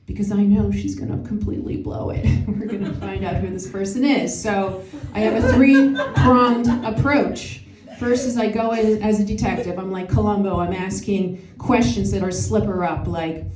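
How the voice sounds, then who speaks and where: Woman comic, forties, warm and chatty, laughs at her own jokes; distant, roomy capture. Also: medium pitch, normal speed, hardly any pauses. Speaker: stand-up comedian and emcee. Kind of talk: stand-up comedy set. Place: comedy show venue with live audience. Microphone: no microphone, picked up from afar. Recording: echoey room picked up from a distance.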